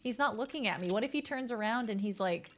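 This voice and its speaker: A young adult woman streaming a game, chatting casually with her chat, excitable and easily rattled. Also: a little high, fast, slight background noise.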